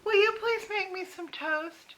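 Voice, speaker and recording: A woman putting on her confused elderly mother, who is defiant and demanding and whines in slow, drawn-out pleas. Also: very high voice, a bit bright, voice pushed up. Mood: whiny. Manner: whiny, drawn-out pleading.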